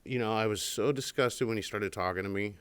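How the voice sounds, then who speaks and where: Speaking fairly quickly in a lowish, clear, resonant voice with a bit of brightness, this man records with no room sound. He co-hosts a laid-back podcast and wanders through a lengthy tale, performing the quoted voices.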